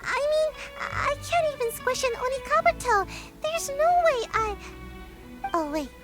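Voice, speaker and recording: A woman's voice: very high voice, very animated, a little slow, over music, full character voice. A woman voicing a timid, sleepy little girl ninja in a game, who sighs and yawns. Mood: flustered. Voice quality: drowsy, sighing, yawning.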